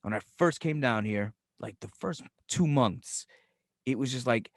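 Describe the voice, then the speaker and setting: A man's voice: medium pitch, unhurried, dry recording, studio quality. A middle-aged man from New York with a Brooklyn accent, co-hosting a podcast in casual, profane chat and acting out the voices in his stories. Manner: animated, profane storyteller who acts out voices. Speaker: podcast co-host. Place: home in Florida.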